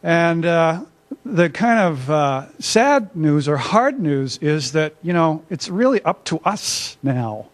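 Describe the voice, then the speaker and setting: Older man giving a relaxed talk. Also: fairly high pitch, slow pace. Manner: conversational, self-deprecating, many filler uhs. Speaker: academic speaker. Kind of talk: workshop presentation. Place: conference room.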